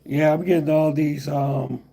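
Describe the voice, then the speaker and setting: A man's voice: fairly high pitch, steady tone, measured pace, vocal fry, warm tone, breathy edge. A middle-aged man hosting a casual livestream, rambling and repeating himself while answering chat comments. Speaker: livestream host.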